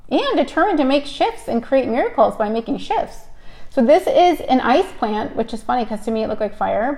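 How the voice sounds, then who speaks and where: A woman hosting a spiritual live stream, telling stories and reading oracle cards in an upbeat, chatty way. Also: a little high. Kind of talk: casual live stream chat and card reading.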